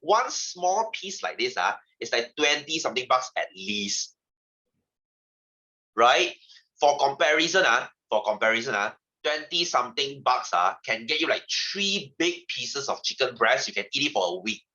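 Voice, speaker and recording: A man's voice: medium pitch, sing-song, moderate pace, sharp tone, dull audio. A man giving a chatty science lesson to his class, asking questions and repeating himself. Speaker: science teacher. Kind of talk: classroom lecture.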